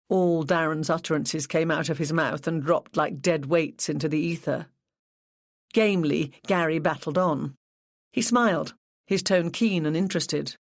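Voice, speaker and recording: An audiobook narrator reading a cozy mystery in an even, measured storytelling manner. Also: medium pitch, no room sound, studio quality. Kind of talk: scripted narration.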